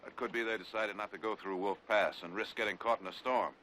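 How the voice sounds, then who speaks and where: An actor playing a practical, take-charge ranch man leading a search in a TV western, speaking calmly and decisively. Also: lowish voice, fast talker, slight background noise, rough recording. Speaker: leader of a search party. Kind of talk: 1960s TV western acting.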